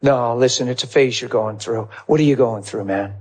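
Husky man telling a sermon story. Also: medium pitch, moderate pace. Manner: animated storyteller acting out both sides of a conversation, laughing often. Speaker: pastor.

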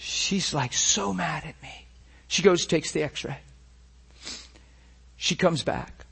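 A man's voice: on the high side, slow, gravelly, bright, forceful tone, slightly rough. A man telling a personal story dramatically, acting out the voices and laughing through it. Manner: dramatic, acts out every voice, laughs through lines. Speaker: storyteller giving a testimony.

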